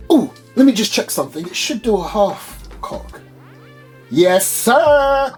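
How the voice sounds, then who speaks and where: A man doing an upbeat, high-pitched reviewer persona, playfully showing off a product in his small home studio. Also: darkish tone. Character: chirpy high-voiced male gun reviewer persona.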